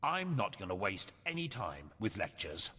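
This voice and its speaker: An actor playing a grumpy old male scholar-mage who talks down to others in a husky, scolding way. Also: on the low side, big pitch swings, moderate pace, bright, forceful tone, in a large hall, heavily acted. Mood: lecturing. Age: older. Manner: condescending, scolding.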